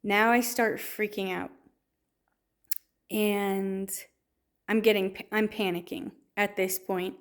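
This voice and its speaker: Slow-talking woman telling a story. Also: mid-range voice, fairly even intonation. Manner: storytelling with many restarts and fillers. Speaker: testimony speaker. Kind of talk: personal faith testimony.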